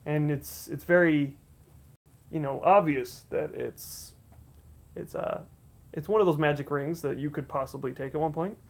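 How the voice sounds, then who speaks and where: Gravelly game master narrating a campaign. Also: male voice, on the high side, unhurried. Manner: rambling, many fillers and restarts. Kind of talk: narrating a tabletop game livestream.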